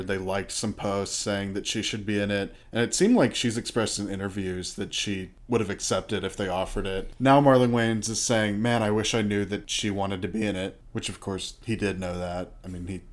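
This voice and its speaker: A man co-hosting a film review podcast, talking in a measured, analytical way. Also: on the low side, fairly even intonation. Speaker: podcast co-host. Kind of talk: casual film review chat.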